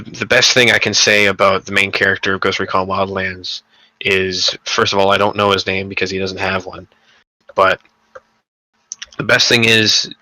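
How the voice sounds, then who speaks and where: A man's voice: on the low side, pushed and bright, no echo, low-quality recording. A young man co-hosting a casual gaming podcast, rambling and profane, with lots of fillers and restarts. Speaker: podcast co-host.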